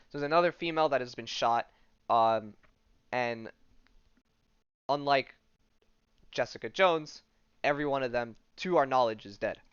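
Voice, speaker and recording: A man's voice: medium pitch, clear, resonant tone, no room sound, muffled recording. Rambling man recapping a comic. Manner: rambling, full of "like" and "um", paraphrases dialogue loosely. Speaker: podcast host. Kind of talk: casual comic-book recap.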